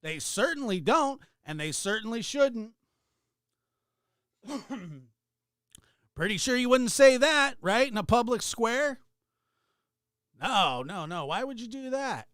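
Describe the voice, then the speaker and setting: A man's voice: very high-pitched, big pitch swings, takes it slowly, long pauses, a bit bright, clean tone, no room sound, clean studio sound. A man hosting a livestream, ranting heatedly and sarcastically while greeting viewers in chat. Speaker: livestream host. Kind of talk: ranting livestream talk with chat shout-outs.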